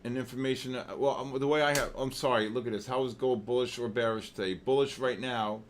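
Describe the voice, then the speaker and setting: A man hosting a live trading session, excitedly shouting out viewers' names with heavy market jargon, then dropping to weary muttering over questions. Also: fast talker, a little hiss or hum. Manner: drops to low, weary muttering while reading questions. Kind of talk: live trading-stream commentary.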